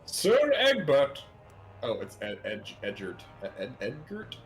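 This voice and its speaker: A man's voice: lowish voice, lively intonation, normal speed. A man co-hosting a let's play, chatting casually with a teasing, joking manner. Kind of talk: casual gameplay chat.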